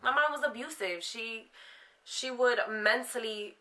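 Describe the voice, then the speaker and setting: A woman's voice: a little high, a little slow, bright, forceful tone. A young adult woman frankly recounting her own life story in a casual interview, full of fillers. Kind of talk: candid personal storytelling.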